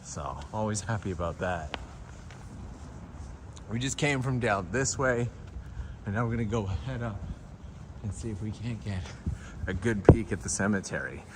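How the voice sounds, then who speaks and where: A man hosting a live stream as he walks outdoors through city streets at night, telling stories in a chatty, animated way. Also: fairly low pitch, moderate pace, pauses often, very noisy. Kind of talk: casual live-stream walking tour.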